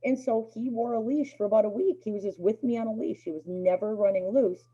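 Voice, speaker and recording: A middle-aged woman runs a dog obedience class, giving the students a relaxed, chatty lecture and voicing the dogs' thoughts playfully. Her warm voice sits on the high side and moves a little fast. The recording is dull and lo-fi.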